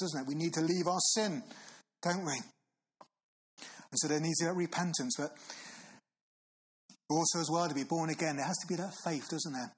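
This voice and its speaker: A man preaching a sermon, earnest, asking listeners questions and slowing for solemn Bible readings. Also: fairly high pitch, slightly rough, low-quality recording. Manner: earnest, asks the listener questions with tag phrases.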